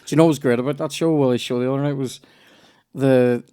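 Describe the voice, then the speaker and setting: A young Northern Irish man chats loosely as a podcast host, spinning anecdotes that wander and restart. He swears freely and talks at an ordinary pitch for a man. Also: steady tone, quick pace, mellow, clean tone. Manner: rambling, sweary storytelling with lots of restarts. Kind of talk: casual chat.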